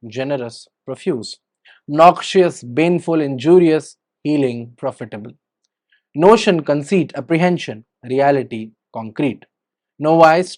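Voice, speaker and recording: A man with an Indian English accent and a somewhat high, slightly mellow voice teaches vocabulary by reading word lists. His voice rises on each headword and drops on the opposites.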